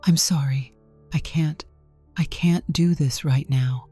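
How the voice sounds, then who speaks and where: A woman's voice: low-pitched, fairly even intonation, slow, warm tone, breathy edge, soft background music, exaggerated voice. A woman voicing an anxious, secretive husband who answers in a trembling, evasive way. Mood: tearful. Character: anxious secretive husband, middle-aged man.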